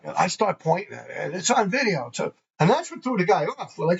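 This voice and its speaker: A gravelly, husky man rambles through old stories, swearing freely as he goes. His voice sits a bit high for a man, and it comes through a dull lo-fi recording. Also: expressive, brisk, hardly any pauses. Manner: rambling, profane, laughing often. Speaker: graffiti show host. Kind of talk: casual storytelling.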